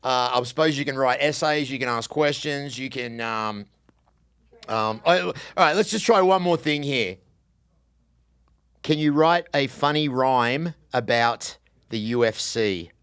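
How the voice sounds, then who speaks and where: A man's voice: mid-range voice, measured pace, a bit bright, clean tone. A man hosting a casual podcast interview, joking and swearing, laughing often. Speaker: podcast host.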